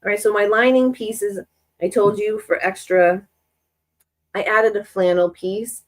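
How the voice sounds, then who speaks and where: A woman with a mid-range voice hosts a sewing live stream, chatting as she works in a rambling way full of restarts, a little slowly and with fairly even intonation. She sounds stuffy from a lingering cold, and the recording is rough.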